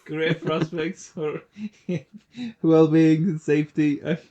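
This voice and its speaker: A man's voice: on the high side, level tone, slow pace, mellow, highs cut off. A man co-hosting a casual podcast chat, rambling with fillers and restarts. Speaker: podcast co-host.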